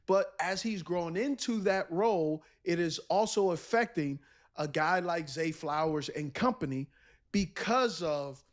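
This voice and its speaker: A man's voice: a little high, unhurried. Emphatic man analyzing football. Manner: emphatic, repeats points, acts out what defenses think. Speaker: former pro football player giving analysis. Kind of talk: sports analysis commentary.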